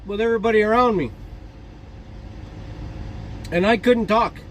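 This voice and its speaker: A man's voice: high voice, moderate pace. A man in his forties chatting casually in a trucking vlog, telling rambling jokey stories with fillers and laughs. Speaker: trucker vlogger. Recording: faint outdoor traffic noise.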